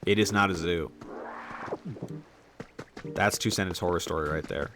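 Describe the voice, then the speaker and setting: A man's voice: low-pitched, moderate pace, background noise. Man, game streamer at his home desk; casual, joking, heavy swearing. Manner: rambling, joking, swears often. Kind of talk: casual live-stream gaming chat.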